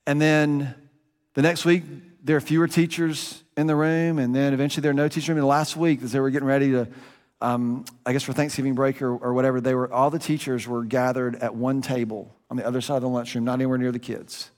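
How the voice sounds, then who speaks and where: A pastor delivers a sermon in an easy, conversational way, talking like he's telling a story. His voice sits at an everyday middle pitch, and it climbs high for emphasis then drops low and quiet. The sound carries a long reverb, like a big sanctuary. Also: level tone, quick pace. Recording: long reverb of a large room.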